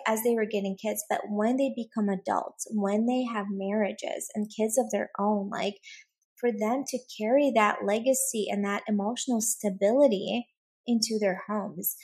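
A woman's voice: fairly high pitch, darkish tone, slightly rough. A woman guest on a parenting podcast, talking earnestly and animatedly, full of "like" and "right?". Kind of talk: conversational interview.

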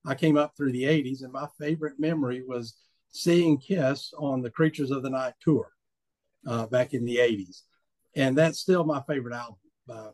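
A man's voice: mid-range voice, darkish tone, no echo. A man in his fifties, a podcast guest, recounting a favorite memory in an earnest, upbeat way. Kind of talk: casual recollection.

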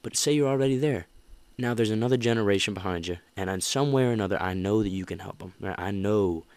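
Low-voiced man hosting a motivational podcast. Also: fast, darkish tone, clear, resonant tone, no echo. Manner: rambling, full of "you know" and restarts, earnest. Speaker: podcast host.

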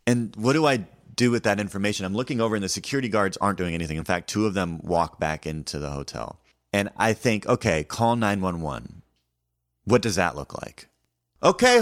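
A man, a comedian, telling a story about life on tour in a relaxed, wry way, acting out the lines he quotes. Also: deep voice, no echo, clean studio sound. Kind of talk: casual podcast storytelling.

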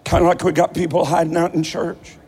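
A man's voice: fairly high pitch, level tone, fairly quick, darkish tone, husky, long reverb tail. A man preaching a sermon as a pastor, telling stories in a conversational way.

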